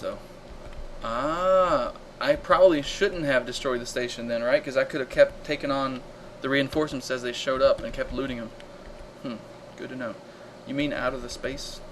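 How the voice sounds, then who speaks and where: Excitable man streaming a space shooter. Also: mid-range voice, fairly quick, a little hiss or hum, low-quality recording. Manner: excitable, reacting loudly to combat and reading chat aloud. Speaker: live-stream game host. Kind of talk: casual gameplay commentary.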